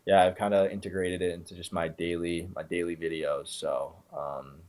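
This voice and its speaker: A man's voice: low-pitched, flat delivery, moderate pace, a little mellow. A young man talking casually as a podcast guest over a remote call, laid-back, with lots of fillers. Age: young adult. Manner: laid-back, filler-heavy, self-described sarcastic. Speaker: guest, content creator.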